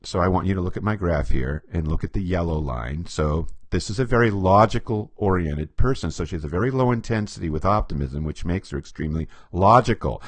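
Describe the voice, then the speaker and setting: A man with a fairly low voice swings widely in pitch as he walks through a story about behavior profiling. He acts out other people's lines and chuckles as he goes. The sound is dry and close, with no room echo. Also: a little fast, few pauses. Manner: animated, acts out quotes, chuckles often. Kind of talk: storytelling explanation to camera.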